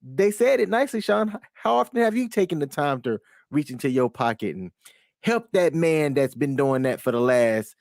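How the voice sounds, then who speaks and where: A man's voice: a little high, expressive, moderate pace, gravelly, a little mellow, no room sound, studio quality. A man, co-hosting a casual reaction chat in a laid-back, teasing way. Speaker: co-host.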